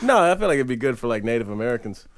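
A man's voice: medium pitch, sing-song, racing, dry recording, clean studio sound. A man bantering with amusement as a comedy podcast panelist. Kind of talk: joking banter.

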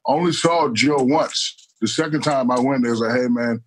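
A man co-hosting a chat show, telling a rambling story in halting starts. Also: mid-range voice, slightly rough. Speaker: co-host. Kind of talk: casual chat.

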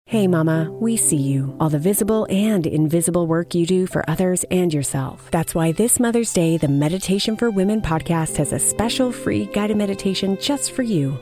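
A woman with a lowish, mellow voice reads a scripted podcast ad softly and gently. Light music plays underneath her, and the sound is close and dry. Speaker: ad announcer.

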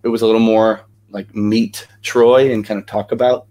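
Energetic chatty young man. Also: fairly low pitch, normal speed. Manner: energetic, chatty storyteller with many fillers. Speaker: podcast guest, actor and singer. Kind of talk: casual interview chat.

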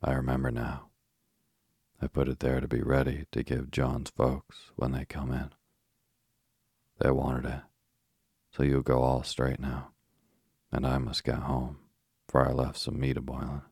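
Cheery old grandma read by a man, very deep gravelly voice, flat and gentle. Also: unhurried, long pauses, dry recording, clean studio sound, exaggerated voice. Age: older. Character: kindly old woman neighbor, cheerful grandma.

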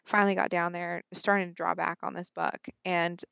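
Young woman, podcast guest, low-ish voice, animated storyteller, dry lo-fi sound. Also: moderate pace, vocal fry, smooth, dry recording. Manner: animated, frequent "like", acts out her own thoughts. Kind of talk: casual storytelling.

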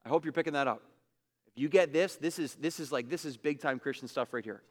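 A man preaching a sermon as pastor, emphatic and repetitive, swinging between loud bursts and hushed asides. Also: fairly high pitch, fast, big-room sound.

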